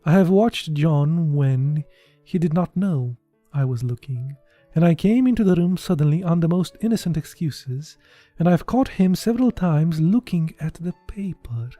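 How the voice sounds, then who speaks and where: A man from Romania with a Romanian accent, reading a short story aloud in a slow, deliberate way and breaking off into casual asides. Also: on the high side, expressive, mellow, no echo, faint music behind.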